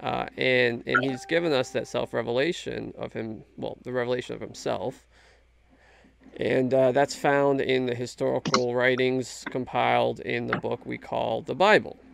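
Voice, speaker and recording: A man's voice: medium pitch, fairly even intonation, moderate pace, gravelly, slight background noise. A man talking casually and earnestly about his faith, emphatic and full of restarts. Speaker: Christian guest in a faith discussion. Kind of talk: casual conversation.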